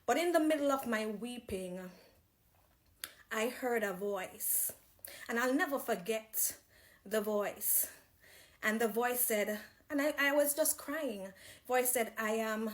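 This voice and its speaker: A woman with a Jamaican accent telling her personal faith testimony, reflective, with pauses and restarts. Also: on the high side, expressive.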